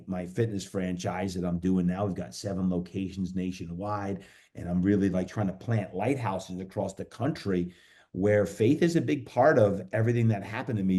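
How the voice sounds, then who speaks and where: A man with a fairly low, dark and mellow voice, speaking as a guest on a podcast. He tells a personal story earnestly and reflectively. He often pauses on fillers and restarts his sentences. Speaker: podcast guest, fitness coach.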